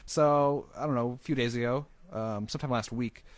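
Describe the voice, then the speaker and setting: A man's voice: medium pitch, moderate pace, no room sound. A young man co-hosting a podcast, chatting casually with wry remarks and swearing. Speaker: podcast co-host. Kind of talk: casual chat.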